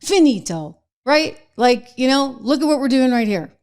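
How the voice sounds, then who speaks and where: A middle-aged woman hosting an online commentary show, talking casually to camera, animated and sarcastic, with frequent laughs. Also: sits high, moderate pace, clear, resonant tone. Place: home studio. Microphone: close mic facing a camera.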